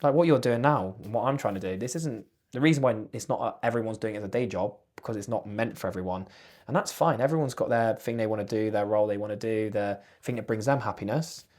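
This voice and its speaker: A young man in his twenties talks as a podcast guest, loose and jokey. He chats casually, swears freely and keeps things animated. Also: fairly low pitch, quick pace. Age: 20s. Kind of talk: casual chat.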